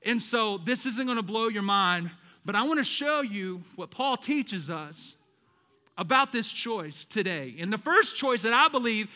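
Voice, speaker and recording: A man's voice: sits high, animated, unhurried, sharp tone, big-room sound. A man preaching a sermon as pastor, emphatic and calling out to his congregation. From American South.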